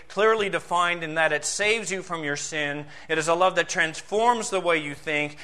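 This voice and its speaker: Bright-voiced, high-pitched male preacher. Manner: emphatic preaching, rhetorical questions, swings from loud to soft. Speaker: pastor. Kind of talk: sermon.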